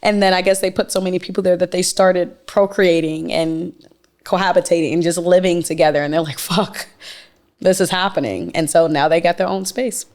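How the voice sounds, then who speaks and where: A woman's voice: lowish voice, fairly even intonation, brisk, a little mellow. A woman co-hosting a podcast in casual chat, joking and teasing as she talks. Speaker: podcast co-host.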